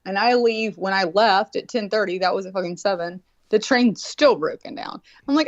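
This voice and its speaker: A woman's voice: mid-range voice, normal speed, few pauses. A woman in her forties tells a story in casual, profane talk, jumping into the voices of the people she quotes. Her voice sits at an average height for a woman. The recording is dull and muffled, with a dry, close sound and no room echo. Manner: profane, animated, acts out quotes. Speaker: guest telling a story.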